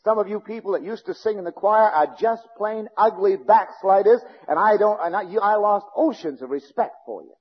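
High husky fiery preacher. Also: male voice, moderate pace, hardly any pauses. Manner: swings between shouting and low intense speech. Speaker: pastor. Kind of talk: fiery sermon. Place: church sanctuary. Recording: dull lo-fi recording with long hall reverb.

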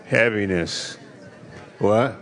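A man's voice: on the low side, very slow, a bit bright. A male pastor preaching a sermon, teasing the congregation in a playful way. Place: large church hall. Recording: long hall reverb.

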